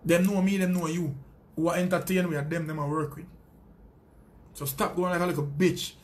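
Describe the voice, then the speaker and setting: A Jamaican man with a high-pitched voice delivers a heated callout rant. He speaks as a sound system selector, taunting and boastful, with plenty of profanity. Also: flat delivery, normal speed, a little mellow.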